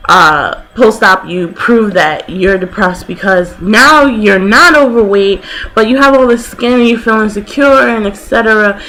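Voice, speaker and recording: A vlogger in her twenties tells a story casually, animated and laughing, acting out the people she quotes. Her voice is medium in pitch, and the poor audio carries a little hiss or hum.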